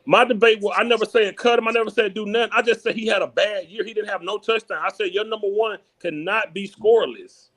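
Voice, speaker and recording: A man's voice: sits high, a bit bright. A man on a sports panel, emphatic and defensive, insisting on what he said before in a casual debate. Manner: fast, emphatic, repeats no over and over.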